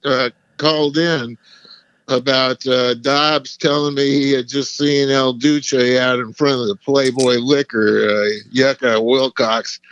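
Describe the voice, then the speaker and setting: A man's voice: medium pitch, fairly even intonation, slow pace, fairly bright tone, clean tone, no echo, lo-fi sound. A middle-aged man hosting a casual chat, telling stories in a laid-back, profane way. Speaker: host.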